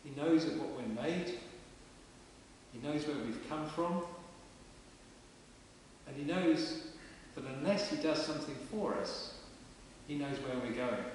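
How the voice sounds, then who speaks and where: A man preaching a sermon in a parish church, in a chatty, plain-spoken way. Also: on the high side. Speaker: vicar. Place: large stone parish church. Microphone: distant camera mic. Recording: echoey church from far off with hiss.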